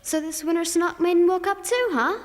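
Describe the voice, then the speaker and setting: A woman voicing a calm, wise female winter creature in a cartoon, speaking in a matter-of-fact, knowing way. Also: very high voice, a little fast. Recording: reverberant dub with music score.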